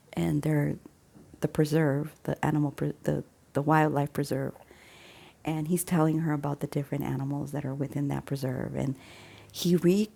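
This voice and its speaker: A woman with a low, dark, gravelly voice retells a film plot in a casual, animated way. She chuckles often and slips into hushed asides. Her tone stays husky and relaxed throughout. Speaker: faith channel host.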